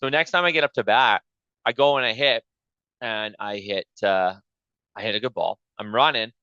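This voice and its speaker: A man's voice: lowish voice, normal speed, clear, resonant tone, dry recording, highs cut off. A man hosting a podcast, telling a story in a casual chat and swearing freely as he acts out the back-and-forth. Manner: profane, animated retelling with quoted back-and-forth. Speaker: podcast host.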